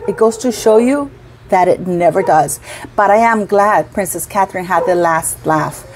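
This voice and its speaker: A woman's voice: lowish voice, normal speed, a little hiss or hum. A middle-aged woman hosting her own commentary channel, talking casually and indignantly, repeating words for emphasis.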